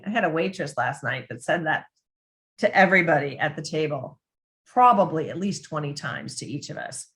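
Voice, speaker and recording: Deep-voiced and a little bright, this woman speaks at normal speed in an animated way. A writer on dementia care, she gives a conversational talk full of restarts, performing quoted voices as she goes.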